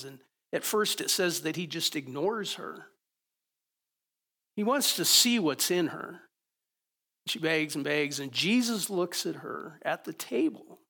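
Male pastor with a gravelly, slightly raised voice, preaching in an informal style full of rhetorical questions. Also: on the high side, a bit bright. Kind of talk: sermon.

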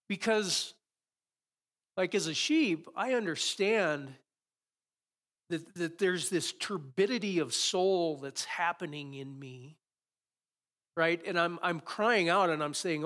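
A male pastor preaching in a church sanctuary. His voice sits a little high, and he throws out rhetorical questions. His delivery swells with passion as he goes. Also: slow, pauses often, fairly bright tone. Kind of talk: sermon.

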